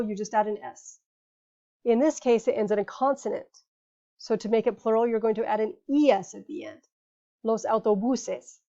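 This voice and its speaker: A woman's voice: on the high side, warm tone, lo-fi sound. A woman teaching a Spanish grammar lesson in English, patient and explanatory, often checking in with "okay?" and "right?".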